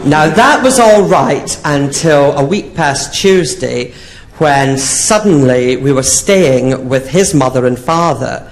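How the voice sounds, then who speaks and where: A camp drag comedian spins saucy anecdotes live from a theatre stage. His fairly high voice swoops about with lively, playful lift. A faint hiss sits behind the stage sound. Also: takes it slowly. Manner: camp and saucy, with sing-song put-on voices. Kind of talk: bawdy stand-up storytelling.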